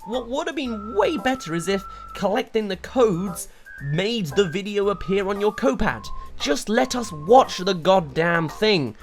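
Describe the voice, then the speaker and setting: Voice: medium pitch, animated, a little slow, faint music behind. A game reviewer giving a rambling, exasperated video review, full of rhetorical questions.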